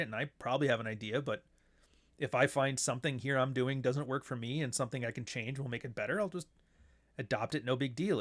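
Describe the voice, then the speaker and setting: Speaking with a medium, somewhat bright voice, a show host delivers a relaxed monologue. He's blunt and swears, and now and then he ridicules people using put-on voices.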